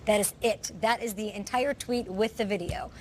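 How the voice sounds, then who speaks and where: Brisk, direct woman co-hosting sports talk. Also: medium pitch, steady tone, a little hiss or hum.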